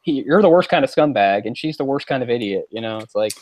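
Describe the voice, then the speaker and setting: A man's voice: medium pitch, expressive, quick pace, darkish tone, low-quality recording. A man in casual podcast chat, rambling with many fillers and sounding exasperated. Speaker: podcast co-host.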